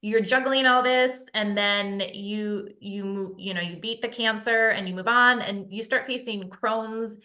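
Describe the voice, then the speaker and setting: A middle-aged mother hosting an interview, agreeing warmly and getting emotional, with frequent restarts. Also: mid-range voice, steady tone, unhurried, few pauses. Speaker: interview host. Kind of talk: interview conversation.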